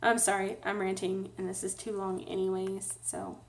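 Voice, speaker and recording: A woman's voice: medium pitch, completely flat delivery, normal speed, slight background noise. A woman talking casually to camera in a personal vlog, telling a sad story in a rambling, emotional way with nervous laughs. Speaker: vlogger.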